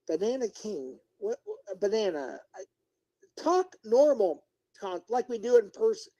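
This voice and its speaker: A streamer rants at one person on a live broadcast, talking straight to them and ignoring the chat. The voice is warm and mellow, neither high nor low, but the manner is confrontational: questions come again and again, and the lecturing turns to pleading. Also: animated, moderate pace, muffled recording. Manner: confrontational, scolding, repeats questions. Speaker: livestreamer. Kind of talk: livestream rant addressed to one person.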